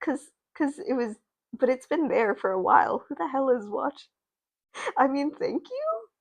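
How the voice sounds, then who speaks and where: A woman's voice: high voice, animated, moderate pace, gravelly, no room sound. A woman streaming as she makes up a doll play story, rambling and interrupting herself with laughs. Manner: meandering, self-interrupting, laughing.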